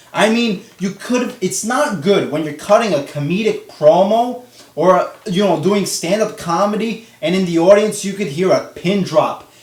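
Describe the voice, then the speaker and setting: A young man ranting through a casual, profane review of a wrestling show. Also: high-pitched. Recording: roomy echo, distant from mic.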